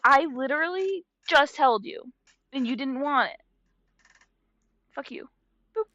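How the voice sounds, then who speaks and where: Chatty swearing woman streamer, lively pitch. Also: measured pace, dry recording, dull audio. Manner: chatty and swears freely, laughs often, talks to her cat. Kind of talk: casual live-stream chat while drawing.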